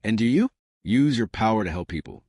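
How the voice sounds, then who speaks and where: A man's voice: fairly low pitch, very animated, a little fast, darkish tone, no echo, clean studio sound. A man voicing a frightened young woman who asks anxious, pleading questions.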